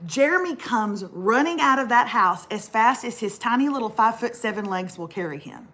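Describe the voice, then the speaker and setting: A middle-aged woman co-hosting a casual talk show, an animated storyteller who laughs often and calls her audience y'all. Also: a little high, moderate pace. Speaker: co-host. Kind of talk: comic storytelling, casual chat.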